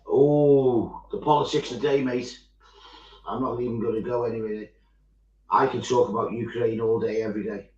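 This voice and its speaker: A man chats at a mid pitch, animated and swearing freely as he tells his stories. The sound is slightly muffled, and it bounces around an echoey room. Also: normal speed. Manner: animated storytelling, swears freely, acts out quoted voices. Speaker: miniature painting streamer. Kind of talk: casual chat.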